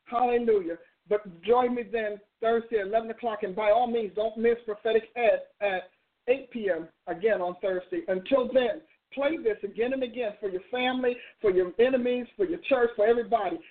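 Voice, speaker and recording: A woman hosting a talk show, preaching bluntly and emphatically with no soft tone, exhorting her listeners. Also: fairly high pitch, normal speed. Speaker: talk show host and minister. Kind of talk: preaching call-in style talk. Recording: narrow phone-like audio.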